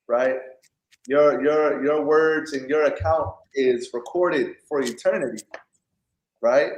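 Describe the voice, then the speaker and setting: A man preaching informally on scripture, often pausing to ask "right?" and restarting his sentences. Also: a little high, a little mellow. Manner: keeps asking "right?", stops and restarts often. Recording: echoey room.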